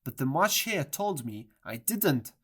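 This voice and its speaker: A reader voicing a frightened, pleading hat-seller in a storybook audiobook, with a higher, anxious delivery. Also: sing-song, measured pace, a bit bright, slightly rough, full character voice.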